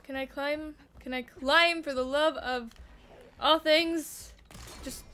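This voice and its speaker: Excitable high-voiced woman gamer. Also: takes it slowly. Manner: excitable, swears and yelps while panicking. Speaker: gamer streamer. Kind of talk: casual gameplay commentary.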